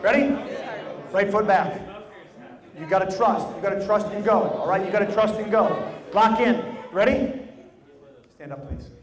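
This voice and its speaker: A man's voice: high voice, lively intonation, moderate pace, long pauses. A man leading a group exercise in a large room, giving emphatic, repeated directions to volunteers and the audience. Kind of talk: live instruction to a group. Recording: echoey hall with crowd noise.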